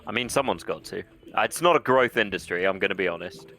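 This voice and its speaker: A man giving wry, deadpan commentary while playing a video game with a friend. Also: sits low, fast. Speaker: co-host. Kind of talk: casual gameplay commentary.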